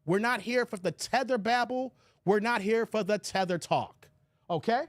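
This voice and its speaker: A male live stream host, talking casually and greeting his chat by name. His delivery is animated and loose, with quick laughs and emphatic runs. The sound is dry and close, with no room around it. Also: high voice, dry recording. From United States.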